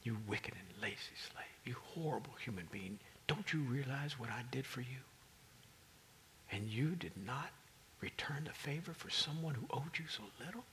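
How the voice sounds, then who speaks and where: A stern, wealthy master who scolds his servant harshly and hands out punishment, dropping at times to a hushed, hard whisper, as a preacher puts him on. His voice moves in animated swings. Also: high voice, moderate pace, a little hiss or hum, voice pushed up, exaggerated voice, low-quality recording. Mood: scolding.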